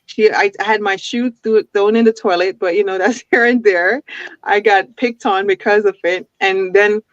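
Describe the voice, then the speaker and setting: A woman's voice: mid-range voice, fairly even intonation, normal speed, no room sound. A woman from an island who talks as an interview guest on a video call. She chats with many restarts and laughs often. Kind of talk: casual interview chat. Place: home with a forest backdrop. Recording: dull lo-fi video call audio.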